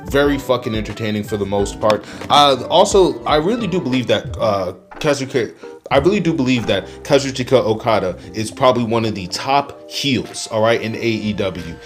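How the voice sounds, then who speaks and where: A man's voice: mid-range voice, normal speed, faint music behind. Profane rambling man reviewing wrestling. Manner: rambling, profane, excitable, laughs often. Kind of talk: casual review monologue.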